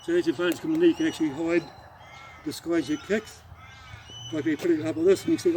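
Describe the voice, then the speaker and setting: A middle-aged Australian man telling a rambling anecdote as a martial arts instructor, halting and restarting as he demonstrates the moves. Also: a little high, steady tone, a little mellow, slight background noise, poor audio. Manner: rambling, halting storyteller who demonstrates moves while talking. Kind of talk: casual spoken anecdote with demonstration.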